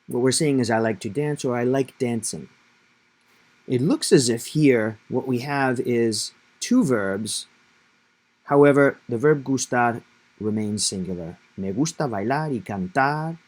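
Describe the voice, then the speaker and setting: A male Spanish teacher with a mid-pitched voice walks through a grammar point. He explains patiently and step by step, stressing key words for emphasis. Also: slightly rough.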